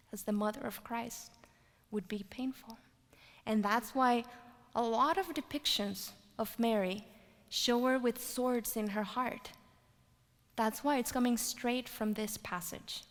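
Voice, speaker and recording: A woman delivers a sermon in a bright, high voice, telling stories with lively energy. She climbs to loud exclamations and drops to hushed whispers. Her words ring out with a long reverb, as in a large hall. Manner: animated storytelling, rising to loud exclaims and dropping to whispers. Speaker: preacher.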